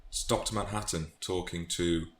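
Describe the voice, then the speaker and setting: British man, very deep voice, casual book talk, thoughtful with restarts, echoey room. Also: steady tone, normal speed. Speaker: book vlogger. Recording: echoey room, faint noise.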